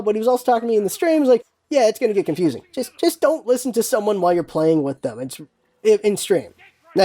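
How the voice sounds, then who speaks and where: In a solo gaming vlog, a woman with a warm, medium-pitched voice talks casually. She's frank and emphatic, swearing mildly and repeating phrases to hammer her points home.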